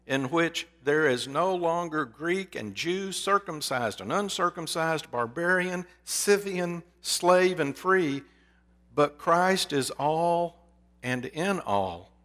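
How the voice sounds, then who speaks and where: A man's voice: a little high, animated, slow. A man preaching a sermon in an earnest, storytelling manner. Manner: earnest, telling a story with hushed quoted whispers.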